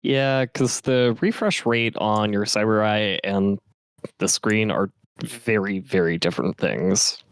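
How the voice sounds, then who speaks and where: A man with a low, fairly deep voice runs a tabletop game, describing scenes in a loose, casual way. The sound is dry and close, with almost no room around it. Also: takes it slowly, smooth, dry recording. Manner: casual, relaxed scene-setting with fillers. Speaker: game master.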